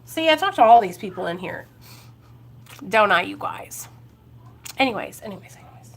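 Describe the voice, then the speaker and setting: A woman's voice: medium pitch, sing-song, moderate pace, gravelly. A woman from Ohio talking on a live recovery vlog, earnest and encouraging, speaking straight to her viewers and greeting them by name. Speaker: recovery vlogger. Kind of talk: casual live-stream chat.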